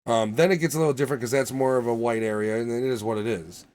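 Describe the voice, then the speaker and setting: A man's voice: mid-range voice, fast talker, darkish tone. A man co-hosting a podcast, ranting in casual, profane, emphatic chat. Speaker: podcast co-host.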